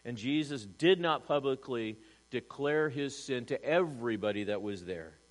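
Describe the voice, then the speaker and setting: Male pastor, mid-pitched, dynamic sermon delivery, rhetorical questions, big shifts in volume. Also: animated, moderate pace, low-quality recording. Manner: dynamic, swings from loud emphasis to hushed, rhetorical questions. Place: church service.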